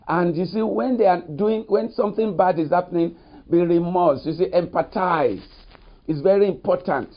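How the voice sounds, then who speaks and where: A man's voice: high-pitched, normal speed. A man preaching a recorded sermon as pastor, leaning often on "you see" and "you know". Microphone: studio mic. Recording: dull lo-fi recording.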